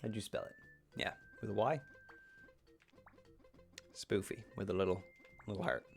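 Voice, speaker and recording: A man's voice: on the low side, fairly even intonation, moderate pace, vocal fry, soft background music. A young man casually streaming a game, playful, with silly asides and voices. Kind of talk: casual let's-play commentary.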